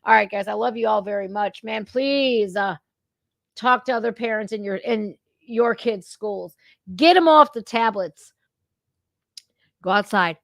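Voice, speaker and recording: On her own show, this host delivers a casual, heated reaction rant packed with swearing. She speaks at a measured pace in a mid-range voice with vocal fry and a bit of brightness, captured echo-free through a remote streaming setup.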